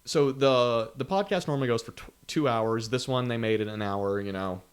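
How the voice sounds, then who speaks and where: A man's voice: medium pitch, moderate pace, clear, resonant tone. A young man co-hosting a podcast, telling a long story in a rambling, casual way with many restarts. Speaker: podcast co-host. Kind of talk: casual chat.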